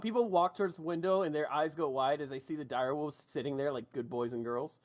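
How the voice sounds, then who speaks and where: Male game master, slightly high voice, loose and chatty, stammers through narration. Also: fairly quick. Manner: casual, stammering restarts and swearing.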